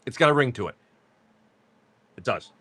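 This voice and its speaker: Man, casual live-stream chat, joking, bright voice, bouncy intonation. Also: mid-range voice, lively intonation, husky, no echo. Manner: chatty, joking, reads off cards quickly. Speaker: card-break livestream seller.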